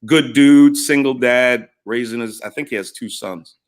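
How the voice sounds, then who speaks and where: A middle-aged man telling stories in a casual chat, animated and acting out both sides of past arguments. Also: medium pitch, unhurried, smooth. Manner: animated, retells arguments in quoted voices. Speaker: podcast guest. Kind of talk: casual storytelling.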